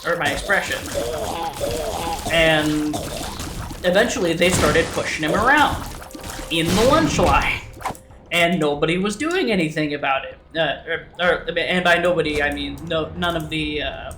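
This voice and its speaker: Telling a rambling story over gameplay, a young let's play host swears and keeps restarting, with plenty of fillers. His voice is on the high side, with lively intonation and a slightly slow pace, and game music sounds behind him in a roomy recording.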